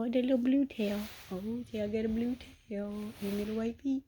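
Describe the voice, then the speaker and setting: A woman's voice: on the high side, fairly even intonation, moderate pace, hardly any pauses, warm tone, a little hiss or hum. A woman who breeds kittens, talking to them in cooing, sing-song baby talk.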